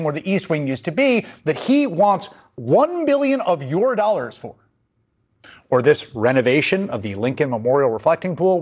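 A man hosting a news show, delivering scripted political commentary in a sardonic, emphatic way. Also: sits high.

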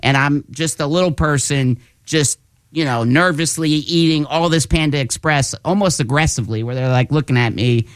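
A man's voice: fairly high pitch, normal speed, smooth, dry recording, studio quality. A man who is a comedian, telling stories in casual talk-show chat and acting out the quotes with laughs. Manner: animated storyteller acting out quotes, laughs often. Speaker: guest comedian.

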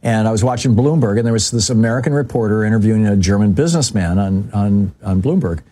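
A man hosting a radio talk show, giving political commentary and telling anecdotes in a loose conversational way, full of fillers and restarts. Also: fast talker. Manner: conversational, many "you know" fillers and restarts; lively storyteller, jumps pitch for emphasis.

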